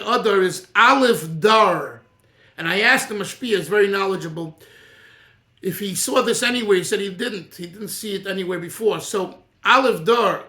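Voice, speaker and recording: A middle-aged man, a rabbi, teaching an informal Torah class in an animated, digressive way and chuckling often. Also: high voice, reverberant.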